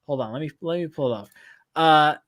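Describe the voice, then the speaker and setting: Downstairs at home, a man hosts a laid-back live stream like a podcast, cracking jokes and reading viewers' chat comments out loud. His voice sits on the high side with a fairly bright tone, and he talks a little fast. It's captured on a phone.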